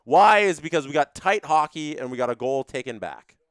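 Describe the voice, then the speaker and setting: Male stream host, slightly higher voice, smooth and clear; opinionated, repetitive chat-reading rants. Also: lively intonation, fairly quick, dry recording, clean studio sound. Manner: opinionated ranting, repeats phrases. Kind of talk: live-stream commentary reading viewer chats.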